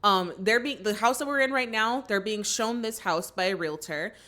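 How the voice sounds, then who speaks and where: Bright and forceful at medium pitch and normal speed, this woman recaps a film for her movie reaction channel. Her storytelling is chatty, with acted-out quotes and many "like" fillers.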